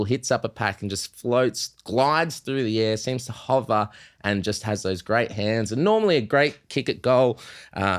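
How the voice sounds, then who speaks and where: A man with an Australian accent and a slightly low-pitched voice, co-hosting a laid-back chat. He tells long, meandering stories full of uhs and ums. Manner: rambling storytelling with fillers. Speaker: podcast co-host. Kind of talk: casual sports chat.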